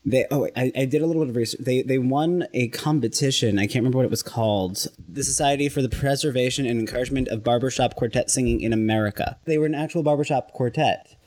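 A man's voice: medium pitch, fast, a little mellow. A man co-hosting a podcast, explaining things earnestly in casual chat, often stumbling and restarting his sentences. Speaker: podcast co-host.

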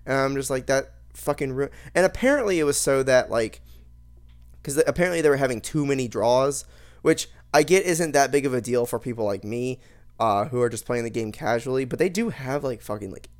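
A man's voice: medium pitch, normal speed. Young man ranting casually, full of swearing. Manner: rambling, profane, animated ranting. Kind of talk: casual chat.

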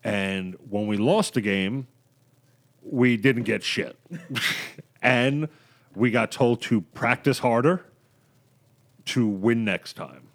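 A man from New York telling stories in a relaxed, casual group chat and laughing often. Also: mid-range voice, takes it slowly, long pauses.

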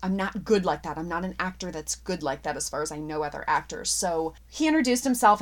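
A middle-aged woman, an actress, chatting in an interview, telling stories with animated laughter. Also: fairly low pitch, a little fast, few pauses. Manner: animated, laughs often, expressive storyteller. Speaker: actress guest. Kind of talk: casual interview chat.

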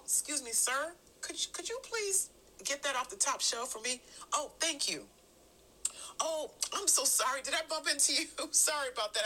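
Middle-aged woman preaching, really bright ringing voice, earnest and emphatic. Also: on the low side, a little hiss or hum, poor audio. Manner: earnest, emphatic, drawn-out phrases. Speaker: church speaker. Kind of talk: sermon.

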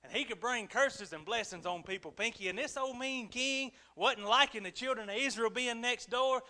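A male pastor preaches to his church in a folksy storytelling style. His voice sits very high and rings with a sharp brightness. He moves between earnest pleading and chuckling humor, and his delivery is full of colloquial turns. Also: normal speed. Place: church service.

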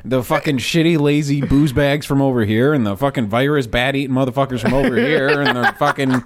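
A man's voice: medium pitch, brisk, heavy background noise. A man hosting a podcast in casual banter, swearing a lot, rambling and laughing often into a podcast microphone.

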